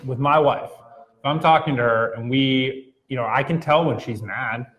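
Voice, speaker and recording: A man's voice: medium pitch, normal speed, a bit bright. A man co-hosting a podcast, chatting casually and making his points with everyday examples. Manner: conversational, illustrates with everyday examples. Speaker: podcast co-host. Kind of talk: casual chat.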